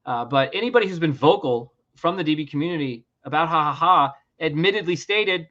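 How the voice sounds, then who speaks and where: A woman co-hosting a podcast in casual chat, animated and sarcastic, swearing freely. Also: low-pitched, a little fast. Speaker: podcast co-host. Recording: dull lo-fi sound.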